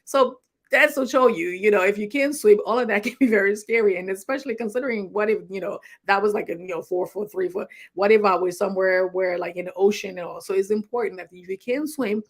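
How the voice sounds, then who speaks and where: A middle-aged Liberian clinician hosts a health talk, offering casual safety tips to an online audience. She rambles conversationally, restarting often and chuckling along the way. Her voice is medium in pitch and her pace quick.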